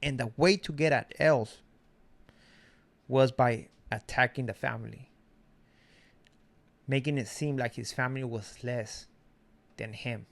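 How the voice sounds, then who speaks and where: A man's voice: mid-range voice, steady tone, a little slow, gravelly, pauses often. A middle-aged man from Mexico giving a blunt, slangy commentary monologue. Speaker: commentary streamer.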